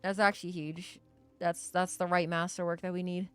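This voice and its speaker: A woman's voice: fairly low pitch, little pitch movement, moderate pace, fairly bright tone, clear, resonant tone, soft background music. A young woman streaming a game, chatting casually and jokingly to herself and her chat, swearing freely. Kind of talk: live gaming stream chatter.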